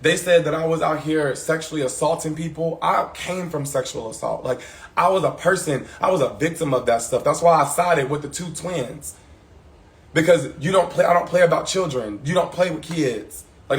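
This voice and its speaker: A man's voice: a little high, moderate pace, reverberant. A young man, talking frankly and emphatically on a casual live stream. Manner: frank and emphatic, retelling grievances. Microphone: phone.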